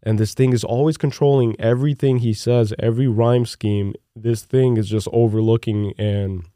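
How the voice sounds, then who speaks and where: A young man co-hosting a podcast in casual chat, rambling excitedly and peppering his talk with "look" and "dude". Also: mid-range voice, moderate pace, no echo, studio quality. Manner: animated and rambling, with many "look" and "dude" fillers. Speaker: podcast co-host.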